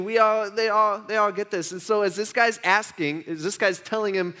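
A man's voice: sits high, fairly even intonation, normal speed, hardly any pauses, bright, forceful tone. A man giving a casual, chatty sermon, telling a story and checking in with his audience. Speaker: pastor.

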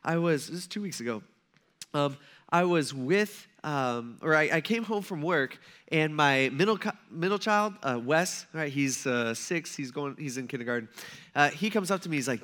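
Male pastor, 30s, sermon, humorous, conversational, high, bright. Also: lively intonation, fairly quick. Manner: humorous, conversational storytelling, acting out quotes.

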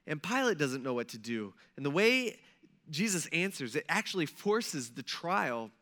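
A man preaching a sermon in a conversational, animated way, acting out the people he tells about. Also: fairly high pitch, normal speed. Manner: conversational, animated, acts out quotes. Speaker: pastor.

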